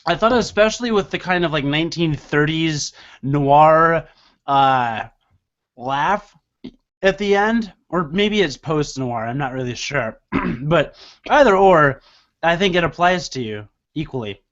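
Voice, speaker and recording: High-voiced joking podcast host. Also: male voice, expressive, measured pace, a bit bright, highs cut off. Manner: joking, rambling, laughs while talking. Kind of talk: casual chat.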